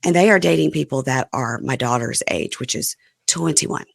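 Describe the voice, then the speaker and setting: A woman in her fifties hosting a podcast, her voice hoarse and going out as she chats candidly about reality TV. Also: extremely low pitch, moderate pace, no room sound, studio quality. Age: 50s. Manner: chatty and candid, animated asides. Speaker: podcast host. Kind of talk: casual reality TV recap chat.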